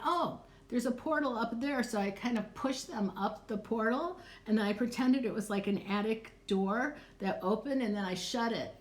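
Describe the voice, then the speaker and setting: Chatty, foul-mouthed middle-aged woman. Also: on the high side. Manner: chatty, candid, swears casually, laughs often. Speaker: psychic and clarity coach. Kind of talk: live-stream Q&A chat.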